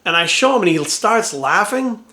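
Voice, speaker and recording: A man's voice: high voice, brisk. Middle-aged guy rambling thru a story, swears a lot, roomy echoey room. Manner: rambling, animated, acts out quoted voices, swears. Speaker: vlogger. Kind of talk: casual storytelling. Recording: roomy echo.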